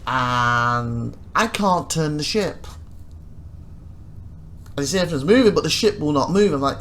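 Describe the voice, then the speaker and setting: A man's voice: mid-range voice, moderate pace, long pauses. Rambling man narrating his gameplay. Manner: rambling, self-correcting, animated when retelling frustrations. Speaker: let's play host. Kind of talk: casual gameplay commentary.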